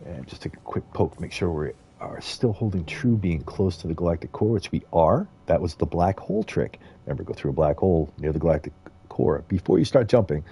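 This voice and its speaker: A man with a low, dark, slightly rough voice streams a video game. His commentary is casual and rambling, full of frequent chuckles.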